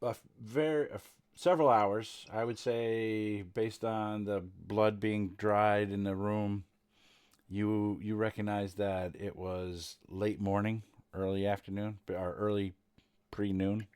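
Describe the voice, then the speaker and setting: A man narrating as game master of a tabletop game, halting with many fillers. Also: lowish voice, little pitch movement, darkish tone, clean tone.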